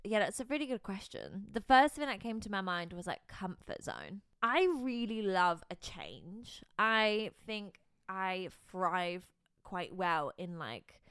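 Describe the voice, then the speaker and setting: Young woman, podcast co-host, bright clear voice, lively pitch, giggly casual chat. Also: slow, dry recording, studio quality. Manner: animated, giggly storytelling with many fillers.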